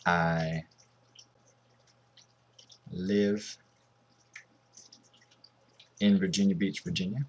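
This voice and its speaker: A man's voice: low voice, flat delivery, drawn-out words, long pauses. A man in his twenties from Southern California, giving casual, rambling commentary over a mobile game. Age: 20s. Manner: rambling and offhand.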